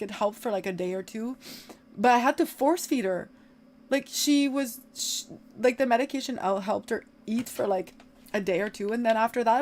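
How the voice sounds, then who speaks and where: A woman livestreamer talks into a desk mic, chatting casually while she games. Her voice sits a bit high, and she rambles, leaning on "like" again and again. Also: a little mellow. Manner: rambling, heavy use of "like" fillers. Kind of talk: casual chat while gaming.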